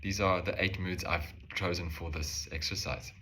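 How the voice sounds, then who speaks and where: A man calmly explaining a language lesson step by step, slowing down to say example phrases. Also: low voice, noisy background. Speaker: language teacher.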